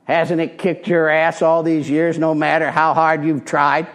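A man's voice: on the high side, flat delivery, unhurried, a bit bright. An older man giving a personal testimony talk at a recovery meeting, blunt and plainspoken. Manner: blunt, plainspoken, street-wise.

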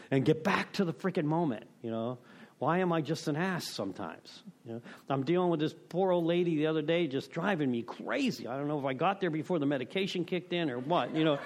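A middle-aged man giving a candid, rambling talk on recovery steps, full of self-deprecation and "you know.". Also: on the high side. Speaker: recovery meeting speaker.

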